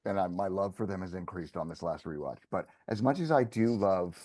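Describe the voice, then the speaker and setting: A man's voice: low voice, animated, fairly quick, a little mellow. A man chatting casually as a podcast guest, rambling and correcting himself as he thinks aloud.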